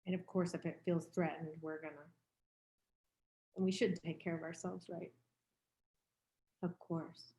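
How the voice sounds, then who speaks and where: Fifty-ish woman meditation teacher, candid chatty dharma talk, lowish voice, echoey room. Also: level tone, unhurried, pauses often, mellow, slight background noise. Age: 50s. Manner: candid, reflective, conversational. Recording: roomy echo.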